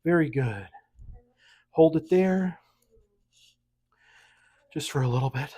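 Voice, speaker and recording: At home with pets around, an instructor leads a seated exercise class, counting every rep aloud. Her coaching is upbeat, steady and mid-pitched, punctuated by light jokes, though she speaks slowly, pauses often and has a breathy edge.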